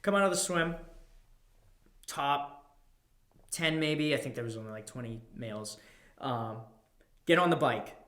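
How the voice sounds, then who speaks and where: Male podcast guest, animated storyteller who swears freely, bright voice, echoey room. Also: medium pitch, a little slow, long pauses. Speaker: podcast guest, personal trainer. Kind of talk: casual interview chat.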